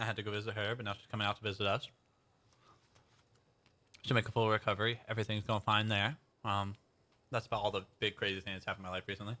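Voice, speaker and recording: A man's voice: lowish voice, pushed and bright. A young man streaming from home, chatting with his viewers in a rambling, think-aloud way. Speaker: livestreamer. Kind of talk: casual chat with stream viewers.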